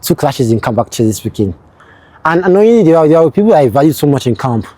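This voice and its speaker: A man's voice: on the high side, very animated, mellow, dry recording. A young man recounting camp memories, often repeating words as he gathers his thoughts. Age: young adult. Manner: halting, repeats words as he thinks. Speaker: platoon executive, interviewee. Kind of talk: casual storytelling.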